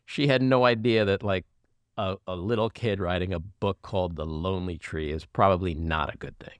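An older man from New York hosting an interview, lively and animated when telling stories. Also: low-pitched, normal speed, clean tone, no room sound. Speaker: interview host. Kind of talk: interview conversation.

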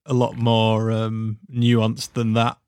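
A man's voice: on the low side, completely flat delivery, slow pace, darkish tone, smooth, dry recording. Young guy co-hosting a football pod, easygoing, dry jokes, very dry close mic. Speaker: podcast co-host. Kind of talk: casual chat.

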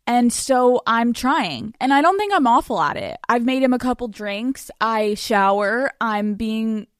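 A woman's voice: on the high side, lively intonation, measured pace, dry recording, studio quality. A woman in her twenties hosting a podcast, telling a comedic story in a brash, profane way, laughing often and acting out dialogue. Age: 20s. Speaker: podcast host. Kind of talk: comedic monologue.

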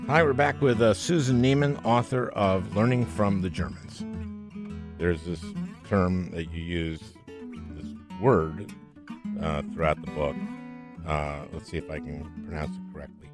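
A man's voice: low voice, unhurried, over loud music. An older man hosting an interview, chatting in a joking, enthusiastic way and often repeating words for emphasis. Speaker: podcast host. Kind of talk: casual interview chat.

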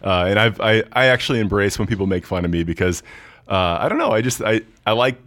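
A young adult man, a baseball pitcher, chatting earnestly and cheerfully as a podcast guest. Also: lively intonation, fast, a bit bright, no echo. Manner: friendly, earnest, frequent restarts and laughs. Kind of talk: casual interview chat.

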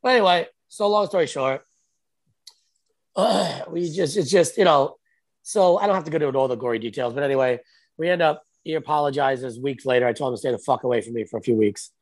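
A man telling a profane, animated story in casual chat, acting out what each person said. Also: medium pitch, a little fast. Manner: profane, animated, quotes himself and others. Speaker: podcast guest, tattoo artist.

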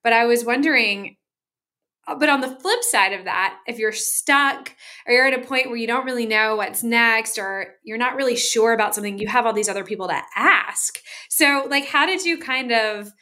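A woman's voice: fairly high pitch, moderate pace, bright, forceful tone. A woman co-hosting an interview who asks friendly, rambling questions full of fillers. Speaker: podcast co-host and novelist. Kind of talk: casual conversational interview.

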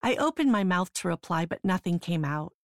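Female memoir narrator, sober and measured, low register, dry booth sound. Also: expressive, no room sound. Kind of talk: first-person memoir narration.

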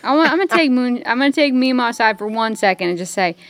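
A woman's voice: on the high side, animated, quick pace, no echo. A woman playing a tabletop role-playing game in character, making folksy, earnest speeches. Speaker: player.

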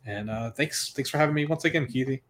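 A man's voice: medium pitch, quick pace, fairly bright tone, slight background noise. A man in his thirties, guest co-host on a podcast, telling stories in a rambling way with many fillers. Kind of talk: casual podcast chat.

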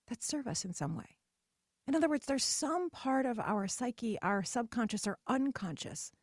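A middle-aged woman hosting a podcast, talking in a chatty, animated way and acting out the voices she quotes. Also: a little high, no echo, clean studio sound. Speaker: podcast host. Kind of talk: casual solo podcast monologue.

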